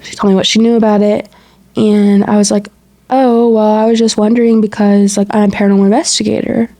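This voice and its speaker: Woman on a podcast chatting away, mellow warm tone, acts out the convo bits. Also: medium pitch, brisk. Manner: animated retelling with quoted dialogue and frequent "like". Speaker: podcast co-host. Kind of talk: casual storytelling chat.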